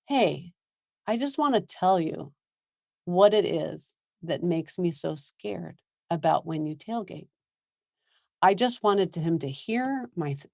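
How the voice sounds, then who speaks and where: Animated woman parenting coach, dry mic. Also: on the low side, dry recording. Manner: animated, laughs often, acts out quoted lines. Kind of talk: seminar talk.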